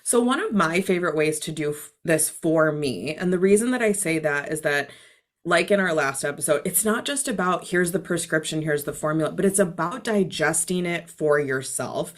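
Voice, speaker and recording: A woman speaks as a podcast guest and spiritual teacher, chatty and animated, full of little fillers. Her voice sits a bit low for a woman. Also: normal speed. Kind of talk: casual podcast conversation.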